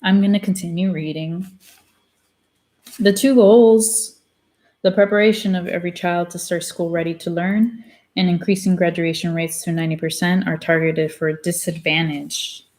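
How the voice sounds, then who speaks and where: Her voice sits on the low side, darkish in tone, with a flat, fairly quick delivery. She's a woman reading a book on her own channel and interrupting the read passages with blunt, opinionated remarks.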